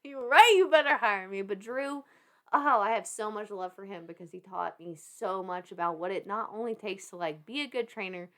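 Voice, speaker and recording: A woman in her thirties with a Southern twang tells her story on a podcast, her voice sitting at an ordinary middle pitch. She talks in an animated, loose way, laughing often and swearing without a second thought. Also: moderate pace. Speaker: podcast guest.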